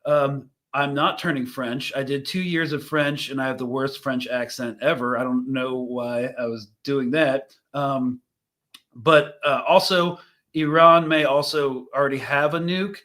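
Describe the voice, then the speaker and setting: A man's voice: medium pitch, fairly even intonation, measured pace, bright, forceful tone. A young man hosting a live show, commenting casually on news clips, rambling and thinking aloud with fillers and restarts. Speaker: host reacting to news clips.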